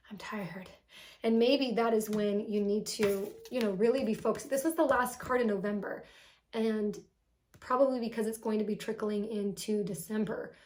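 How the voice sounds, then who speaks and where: Woman tarot reader, young adult, fairly high voice, gushing and heartfelt, casual delivery. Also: a little mellow. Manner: emotional, affectionate, gushing, sighing "whew". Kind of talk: casual tarot reading to camera.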